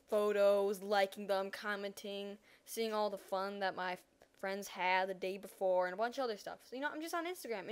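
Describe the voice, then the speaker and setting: A teenage girl telling a personal story in a casual vlog, animated and dramatic, acting out her own reactions. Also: a little high. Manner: animated, dramatic retelling with acted-out quotes.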